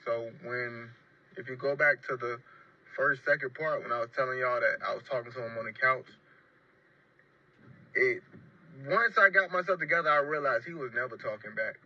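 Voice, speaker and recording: A man's voice: medium pitch, normal speed, dull audio. A man telling a personal story casually and emphatically, often repeating his phrases. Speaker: storyteller in a played clip.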